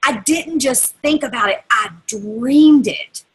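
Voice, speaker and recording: A woman's voice: high-pitched, slow, poor audio. A woman giving an emphatic, motivational talk as a guest speaker on a team call. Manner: energetic, emphatic, repeating for effect.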